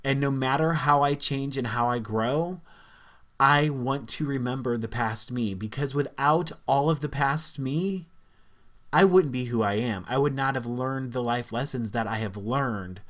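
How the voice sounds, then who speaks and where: A man's voice: medium pitch, measured pace, a bit bright. A man, talking earnestly and reflectively to camera in a casual vlog, with frequent fillers. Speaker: vlogger.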